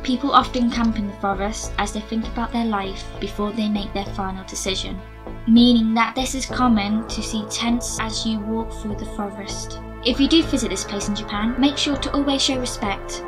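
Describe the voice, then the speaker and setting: A woman reading a scripted narration in a steady, measured way as the host of a list video. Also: on the high side. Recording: music bed underneath.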